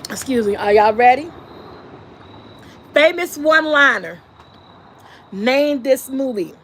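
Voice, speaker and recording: A woman hosting a casual live stream, lively and laughing often as she talks to her chat. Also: high-pitched, slow, a little hiss or hum. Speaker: vlog host.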